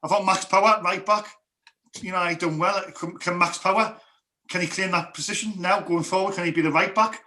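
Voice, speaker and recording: A man's voice: high-pitched, fairly even intonation, fairly quick, bright, forceful tone. A man co-hosting a casual fan football stream, rambling through match talk with many restarts. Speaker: fan co-host.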